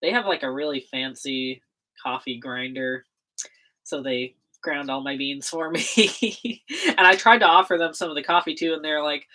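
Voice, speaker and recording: A woman with a low voice that leaps up and down a lot chats on her livestream while she works at her desk. She rambles, laughs often and keeps stopping to correct herself. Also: sing-song, normal speed, fairly bright tone, low-quality recording. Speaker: livestreaming zine maker. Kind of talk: casual rambling livestream chat.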